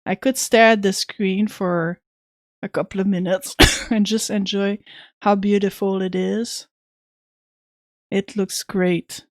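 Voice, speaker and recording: A woman's voice: mid-range voice, little pitch movement, slow pace, pauses often, no echo, studio quality. A woman chatting casually with viewers while streaming an old computer game, reading its text aloud now and then.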